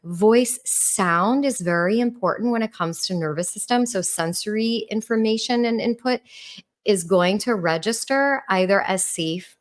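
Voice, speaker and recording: A middle-aged woman from New York with a New York accent, a relationship coach on a podcast speaking in a warm, calm tone with rising and falling intonation. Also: mid-range voice, a little slow. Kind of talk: podcast talk.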